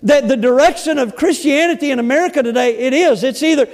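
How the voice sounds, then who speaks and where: A pastor preaching a sermon, emphatic, repeating words and stressing key phrases slowly and loudly. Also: male voice, very high-pitched. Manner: emphatic, repeats words, shifts between loud bursts and slow stresses.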